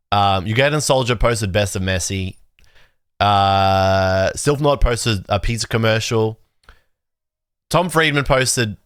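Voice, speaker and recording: A man hosting a livestream, chatting casually with his viewers in a rambling, excitable way and swearing freely. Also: on the low side, smooth, no room sound, clean studio sound. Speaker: livestream host. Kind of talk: casual chat reacting to chat.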